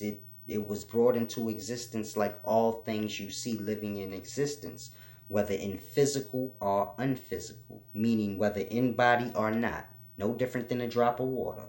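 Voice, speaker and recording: A man giving an informal spiritual teaching, slow and repetitive, spelling out letters for emphasis. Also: on the low side. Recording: roomy echo.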